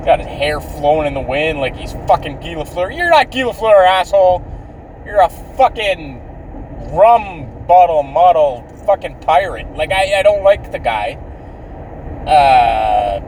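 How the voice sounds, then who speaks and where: A man's voice: sits high, animated, normal speed, darkish tone, recorded from a distance, slight background noise, rough recording. Bitter, foul-mouthed Canadian man ranting. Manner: bitter, profane, swearing constantly. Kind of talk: profane outdoor rant.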